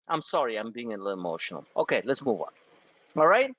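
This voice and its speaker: A man's voice: mid-range voice, sing-song, fast talker, a bit bright, dry recording, dull audio. A man hosting a stock trading webinar, talking bluntly and emphatically, swearing and repeating himself for effect. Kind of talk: live trading webinar rant.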